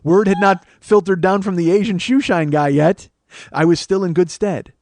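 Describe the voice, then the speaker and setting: A man's voice: high-pitched, moderate pace, a little mellow, dry recording. A man in his forties, a comedian hosting his own show, telling a rambling, profane, self-mocking story. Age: 40s. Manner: rambling, profane, self-mocking, with lots of fillers and acted-out quotes. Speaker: comedian host. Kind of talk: comic storytelling monologue.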